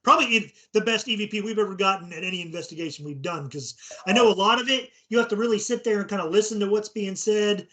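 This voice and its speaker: A man's voice: high voice, fast, few pauses, bright, forceful tone. A middle-aged man co-hosting a casual chat about paranormal investigations, laid-back and joking. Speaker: podcast co-host.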